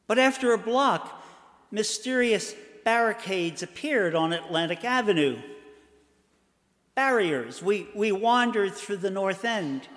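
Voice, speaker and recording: An older man from Boston tells a personal story in a fairly high voice. He speaks slowly and in a measured way, with dramatic pauses. His voice rings in a long hall reverb. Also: a bit bright.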